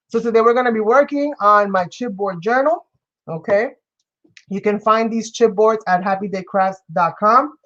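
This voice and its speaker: A woman's voice: mid-range voice, normal speed, fairly bright tone, highs cut off. Effusive New woman hosting a craft stream. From New York. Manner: effusive, greets and thanks viewers by name. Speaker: craft live-stream host. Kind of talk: casual live-stream chat while crafting.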